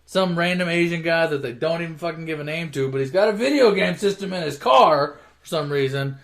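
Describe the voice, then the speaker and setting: A man's voice: on the high side, a little fast. A man casually retelling a movie plot as a comic story, offhand and profane, often correcting himself mid-sentence.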